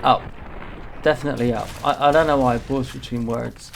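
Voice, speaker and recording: A man's voice: mid-range voice, steady tone, fast, gravelly, slight background noise. A young man giving cheeky, self-mocking commentary over gameplay footage. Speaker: gaming YouTuber.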